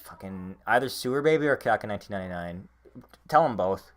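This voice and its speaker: Hiccuping through a laid-back podcast chat, this young male co-host rambles, curses and leans heavily on fillers. He speaks fast in a lowish voice with lively intonation.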